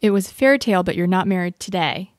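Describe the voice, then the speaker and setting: Woman podcast host, gentle probing questions, dry close sound. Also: on the low side, fast talker, dry recording. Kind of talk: interview questions.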